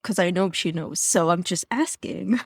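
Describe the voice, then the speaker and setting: A woman hosting a parenting podcast, talking in a calm, easygoing way. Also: fairly low pitch, a little slow, gravelly, husky, no room sound, studio quality. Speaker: podcast host, parent coach. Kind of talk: conversational podcast interview.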